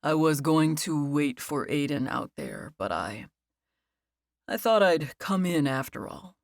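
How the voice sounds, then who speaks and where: A woman narrator voicing a calm, patient young man who speaks quietly. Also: deep voice, moderate pace, gravelly, no echo, studio quality, exaggerated voice. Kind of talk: audiobook character voice.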